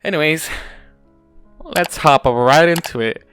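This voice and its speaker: A man's voice: a little high, takes it slowly, a bit bright, clear, resonant tone, no room sound, faint music behind. A man casually reading a first-person story aloud, offhand and unpolished, leaving his slips and restarts in. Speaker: fanfiction reader.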